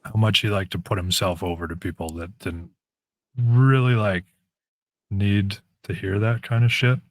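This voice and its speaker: A man with a raspy voice, a guest telling stories casually in an interview and acting out the lines of people in them. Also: lowish voice, moderate pace, no echo. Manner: animated storyteller, acts out quoted lines.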